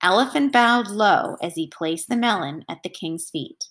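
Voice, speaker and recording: A woman's voice: mid-range voice, normal speed. Woman reading a picture book aloud. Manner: clear, expressive reading. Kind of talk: storybook read-aloud for children.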